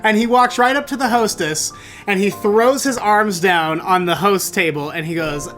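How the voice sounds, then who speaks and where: A man hosting a storytelling show, recounting a bad date in an animated, theatrical way that bursts into exclamations. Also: high voice, moderate pace, soft background music. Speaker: storytelling podcast host. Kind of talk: comedic personal storytelling.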